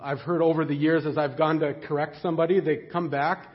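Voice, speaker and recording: A man preaching a sermon in a conversational, animated way, with frequent fillers and restarts. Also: fairly high pitch, brisk, dull audio. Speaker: pastor.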